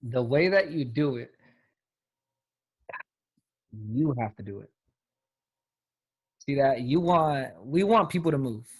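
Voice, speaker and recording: A man's voice: mid-range voice, lively intonation, slow pace, pauses often, breathy edge. A man coaching his sales team on a call, talking emphatically in casual slang. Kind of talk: motivational talk on a team call.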